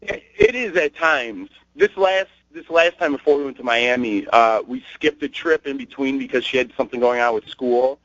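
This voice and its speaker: A man's voice: medium pitch, normal speed, few pauses, a bit bright, no echo. A young man being interviewed as a guest, joking and teasing as he tells stories about his girlfriend. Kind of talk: casual interview chat. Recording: muffled dry web radio audio.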